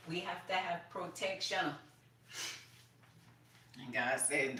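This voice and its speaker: A middle-aged woman rambles through a casual monologue, blunt and profane, breaking into laughing asides. Her voice sits low in pitch yet sounds bright and sharp. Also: expressive, takes it slowly, pauses often, a little hiss or hum. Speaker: tarot reader.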